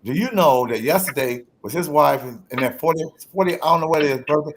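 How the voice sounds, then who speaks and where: A man hosting a podcast interview in a casual, animated way, often laughing and calling out to listeners. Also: fairly high pitch, quick pace. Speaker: podcast host.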